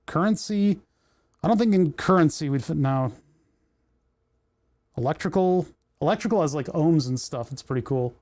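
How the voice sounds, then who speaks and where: Here a man streams casually from his home workshop, muttering to himself while navigating menus on a desk mic. His fairly high, somewhat mellow voice has lively intonation and normal speed, broken by long pauses, with no echo.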